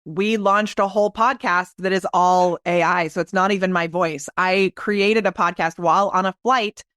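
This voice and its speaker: A woman's voice: lowish voice, fairly even intonation, fairly bright tone, dry recording, studio quality. A woman guest on a podcast, telling stories in an enthusiastic, casual way. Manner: enthusiastic, quick storytelling. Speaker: guest, video marketing expert.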